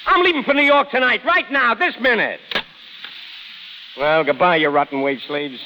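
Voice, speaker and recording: An actor playing a brash, sarcastic newspaper reporter in a 1930s radio drama. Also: male voice, high voice, sharp tone, big-room sound, exaggerated voice, low-quality recording. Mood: wisecracking. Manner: fast, sarcastic, swaggering. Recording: hissy old radio broadcast.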